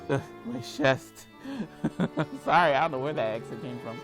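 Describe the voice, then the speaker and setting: A woman playing a video game and reading its text aloud, reacting loudly and dramatically. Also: rumbling low, measured pace, faint music behind. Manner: reads dialogue aloud, with loud dramatic reactions. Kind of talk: let's play reading and reacting.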